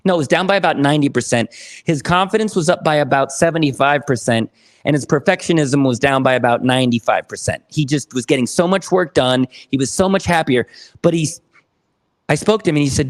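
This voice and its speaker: A man guesting on a podcast, telling a client story with energetic enthusiasm and acting out the dialogue. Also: fairly high pitch, a little fast. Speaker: podcast guest, therapy program founder. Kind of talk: animated storytelling.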